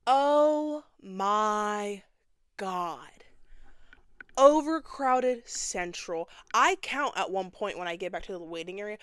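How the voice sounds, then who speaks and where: Sassy woman telling a story, smooth dry voice. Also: mid-range voice, animated, a little slow, fairly bright tone, no room sound. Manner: dramatic, sassy, acts out other people's lines. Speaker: podcast host. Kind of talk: casual storytelling monologue.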